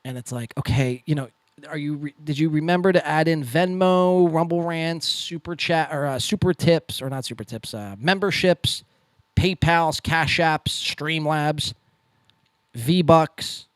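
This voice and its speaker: A man's voice: a little high, measured pace, clear, resonant tone, no echo. A man hosting a podcast, giving casual, profane and sarcastic commentary on clips, often stumbling and restarting his sentences. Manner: sarcastic, mocking, lively delivery. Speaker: podcast host reacting to clips.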